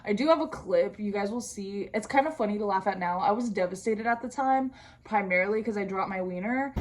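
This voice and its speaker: A woman's voice: medium pitch, a little fast, noisy background. A young adult woman vlogging, chatting casually through a storytime while she does her skincare, slangy and profane with comic asides.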